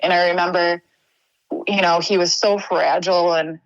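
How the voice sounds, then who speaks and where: Speaking as a podcast guest, a young woman from Wisconsin haltingly and earnestly shares a personal story, restarting often. Her voice sits lowish with fairly even intonation, recorded without echo but sounding dull.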